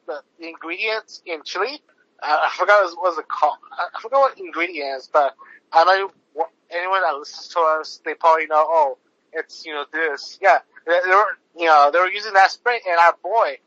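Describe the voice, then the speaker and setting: A podcast host with a high, bright, forceful voice goes on a casual, profanity-heavy rant packed with fillers and restarts. The recording is dull and lo-fi, with no room sound.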